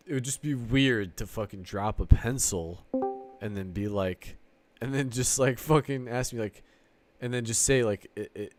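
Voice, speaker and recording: In a casual online chat, a Sicilian man circles through a rambling argument, swearing freely as he plays both sides of an imagined exchange. His voice is fairly low and a little mellow.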